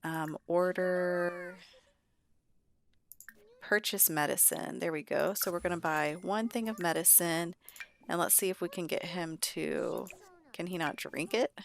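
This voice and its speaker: A woman's voice: on the low side, fairly even intonation, a little slow, vocal fry. A young woman, a mother, chatting casually as she plays a life-sim game for viewers. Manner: chatty, bubbly, talks to viewers as "girl" and "guys". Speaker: gaming channel host.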